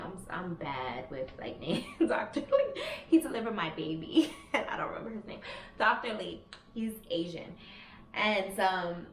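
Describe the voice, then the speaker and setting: A vlogger in her thirties tells a personal story with candid, chatty energy and plenty of swearing. Her voice is medium-pitched and fairly bright, recorded with a roomy echo and faint ambience.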